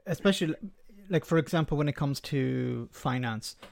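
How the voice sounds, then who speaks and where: A man's voice: a little high, moderate pace, gravelly. A man co-hosting a political discussion, explaining his points step by step and repeating words as he thinks. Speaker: podcast co-host. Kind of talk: casual political chat.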